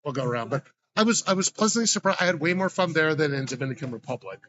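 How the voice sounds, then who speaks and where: A man's voice: on the high side, racing. Swearing man telling travel stories. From Montana, US. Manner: animated storyteller, swears freely, acts out quotes. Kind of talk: casual chat. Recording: dull lo-fi recording.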